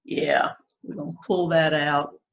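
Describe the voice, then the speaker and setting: A watercolor teacher paints for beginners while talking in a relaxed, unhurried way, thinking aloud, second-guessing her strokes, and reassuring her students. She speaks a little slowly in a low voice with vocal fry, on a rough recording with slight background noise.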